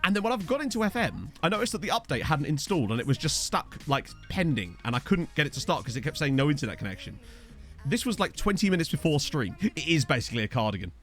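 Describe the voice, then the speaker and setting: A man's voice: on the high side, very animated, fast talker, few pauses, a bit bright, soft background music. A man casually chatting on a live game stream, rambling, joking and thanking viewers as he plays. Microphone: desk condenser microphone.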